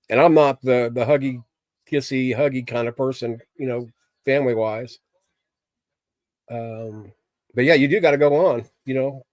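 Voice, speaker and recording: A man's voice: mid-range voice, darkish tone, dry recording. A middle-aged man hosting a casual livestream, talking candidly with viewers in a rambling, plain-spoken way. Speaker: livestream host chatting with viewers.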